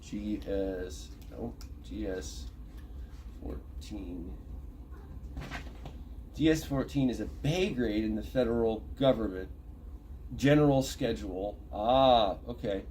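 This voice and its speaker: A man's voice: on the low side, slow pace, pauses often, darkish tone, a little hiss or hum. A man reading a list aloud from an online thread, breaking off to comment, look terms up and correct himself. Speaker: channel host reading a thread.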